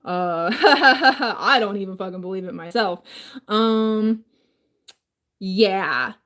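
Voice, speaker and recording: A woman's voice: mid-range voice, slow pace, fairly bright tone. A woman talking casually in a rambling home vlog from her kitchen, her voice changed by a throat injury, full of fillers and swearing. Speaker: vlogger.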